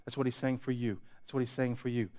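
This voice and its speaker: A pastor preaching a sermon, building intensity through repetition and dropping to quiet asides. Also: male voice, mid-range voice, level tone, quick pace. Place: church sanctuary.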